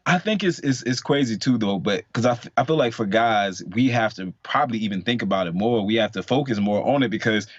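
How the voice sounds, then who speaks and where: On a podcast, a male co-host in his late twenties tells a personal story in a candid, rambling way, lively and full of fillers. His voice is lowish and brisk with hardly any pauses, and the recording is dull, dry, and free of room sound.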